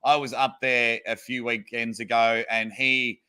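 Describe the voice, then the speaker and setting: A man's voice: mid-range voice, little pitch movement, a little slow, pushed and bright, clear, resonant tone. A man hosting a podcast, chatting casually and enthusiastically with his guests. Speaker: podcast host.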